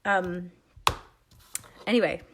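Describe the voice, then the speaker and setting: A woman's voice: lowish voice, steady tone, takes it slowly, background noise. A middle-aged woman with a Canadian accent, feeling sick and coughing as she leads a live stamping demo, rambling through chatty side stories. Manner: chatty, rambling, self-interrupting. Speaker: stamping demonstrator.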